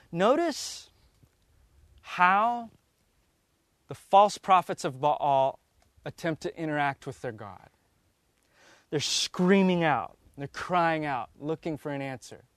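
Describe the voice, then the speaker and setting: A man's voice: fairly high pitch, clear, resonant tone, dry recording. A man teaching the Bible, reading verses aloud and then stopping to explain them.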